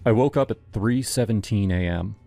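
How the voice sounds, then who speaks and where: A man narrating a first-person horror story in a measured, dramatic way. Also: on the low side, creaky, mellow. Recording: music playing behind.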